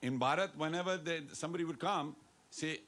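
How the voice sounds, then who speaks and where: A man's voice: a little high, fairly quick, fairly bright tone. A man preaching a devotional sermon to a temple congregation, playful and coaxing, dropping Hindi phrases into his talk. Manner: playful, coaxing the audience to respond and dance. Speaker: temple speaker.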